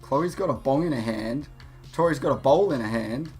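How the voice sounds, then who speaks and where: A man's voice: medium pitch, animated, normal speed, darkish tone, soft background music. A young man hosting a gaming channel, telling a rambling, profane story with many restarts while he plays. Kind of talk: casual storytelling over gameplay.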